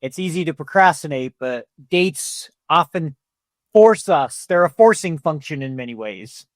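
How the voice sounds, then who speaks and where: A man hosting a podcast interview, asking quick, animated questions. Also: fairly high pitch, no room sound, clean studio sound. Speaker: podcast host. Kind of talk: conversational interview.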